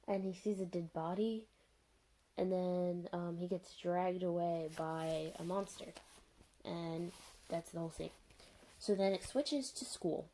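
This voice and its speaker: A woman's voice: fairly low pitch, dark tone, a little hiss or hum. A young woman vlogger reviewing a show in a rambling, sarcastic, unscripted rant full of fillers.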